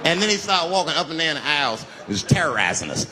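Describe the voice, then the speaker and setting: Animated profane male comedian telling a story. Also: fairly high pitch, fast. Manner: animated, profane, acts out scenes. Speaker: stand-up comedian. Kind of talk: stand-up storytelling. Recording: live show with crowd laughter and noise.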